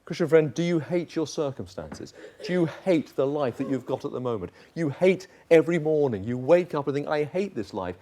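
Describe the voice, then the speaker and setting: A man preaching in a chapel, his voice mellow and set a little high for a man. He fires direct questions at the congregation and presses them with urgent, impassioned pleading. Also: animated, a little fast, hardly any pauses, a little hiss or hum. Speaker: pastor. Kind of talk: sermon.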